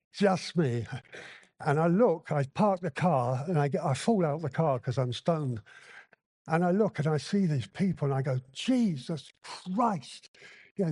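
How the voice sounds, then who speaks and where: Male convention speaker, slightly high pitch, dry close sound, candid anecdotal delivery. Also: mellow, dry recording. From Hong Kong. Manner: blunt, candid storytelling with acted-out dialogue. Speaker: recovery meeting speaker. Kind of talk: personal recovery share at a convention. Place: convention hall.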